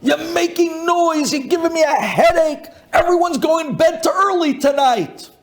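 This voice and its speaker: A man acting out an angry, short-tempered husband who shouts his complaints. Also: very high voice, moderate pace, voice pushed up. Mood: irate.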